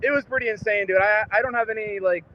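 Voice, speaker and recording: Hoarse, excited man phoning in from outside. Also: high voice, quick pace. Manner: excited, rambling, slightly tipsy. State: hoarse, lost his voice. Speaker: fan calling in as a guest. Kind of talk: casual chat. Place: outdoors at a stadium. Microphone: phone call. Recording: noisy lo-fi phone line from outside.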